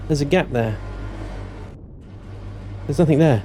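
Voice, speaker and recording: A man's voice: fairly low pitch, lively intonation, moderate pace, pauses often, soft background music. Man narrating his game, jumpy and joking. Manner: thinks aloud, swings into panicked yelling and joking curses. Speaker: gaming channel host. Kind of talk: let's-play commentary.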